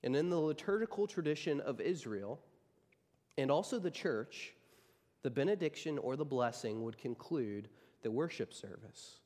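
A man's voice: mid-range voice, animated, normal speed, a little mellow, long reverb tail. A man preaching a sermon as a pastor, emphatic and driving his points home by repeating key phrases.

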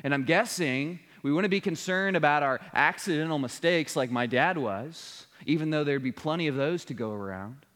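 A man's voice: on the high side, normal speed, hardly any pauses, a bit bright. A man preaching a sermon, telling a family story in an earnest way before a solemn appeal. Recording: long reverb of a large hall.

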